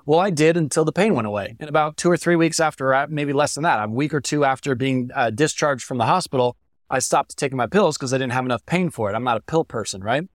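A man's voice: medium pitch, fast talker, dry recording, studio quality. A young man as a podcast guest, sharing a painful personal story in an earnest, heartfelt way that turns emotional at times. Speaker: guest speaker. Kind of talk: candid interview storytelling.

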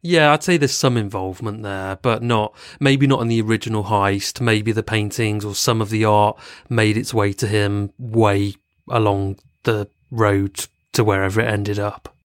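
A man's voice: on the low side, fairly even intonation, normal speed, few pauses, no echo, studio quality. A man co-hosting a podcast, chatting casually and making joking asides. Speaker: podcast co-host. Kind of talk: casual chat.

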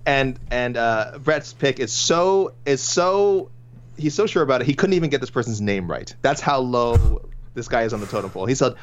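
A medium-pitched, expressive man speaking at normal speed reads out listener picks as co-host of a laid-back sports podcast. The audio is dull and lo-fi, and he keeps chuckling, chatting, and starting lines over.

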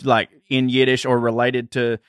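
A comedian from Georgia with a Southern accent, chatting on a podcast and telling rambling, self-deprecating stories. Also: male voice, mid-range voice, monotone, moderate pace, no echo. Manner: rambling storyteller, self-deprecating, laughs often. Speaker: comedian guest. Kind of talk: casual podcast chat.

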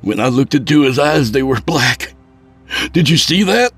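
A man's voice: on the low side, sing-song, measured pace, darkish tone, husky, faint music behind, pitched above the performer's own voice, full character voice. A man voicing a nervous adult brother who speaks in a pleading tone. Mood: anxious. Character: anxious, shaken adult brother.

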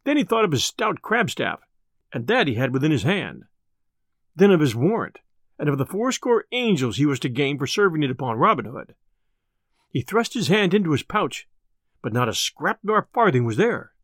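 A man reading a classic tale aloud as an audiobook, in an expressive, lilting way. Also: a little high, moderate pace, no room sound, studio quality. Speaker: storyteller.

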